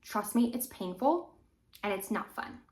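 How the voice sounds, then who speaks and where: In a room with a roomy echo, a young adult woman gives a casual, encouraging violin lesson for an instructional video, demonstrating as she talks. Her voice is medium in pitch, expressive and a little slow, with a darkish tone.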